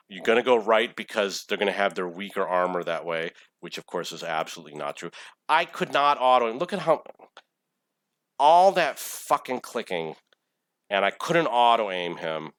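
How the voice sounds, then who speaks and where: A man in his forties rambles casually over a replay of his own gameplay, cursing often whenever he gets irritated. His voice is low-pitched with a fairly bright tone, and the recording is dry.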